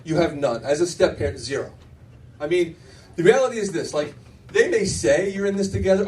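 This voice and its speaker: Middle-aged guy doing stand-up, high voice that jumps all over, heard from a bit far off in a club. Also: fairly quick. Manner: animated storytelling with many restarts. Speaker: stand-up comedian. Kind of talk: stand-up comedy set. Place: comedy club stage. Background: audience laughter.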